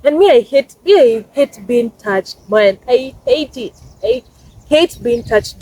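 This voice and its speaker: A woman's voice: high-pitched, lively intonation, normal speed, warm tone, slight background noise, low-quality recording. A Kenyan woman in her twenties giving emphatic, casual life advice in a vlog, repeating her points for stress. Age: 20s. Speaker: vlogger.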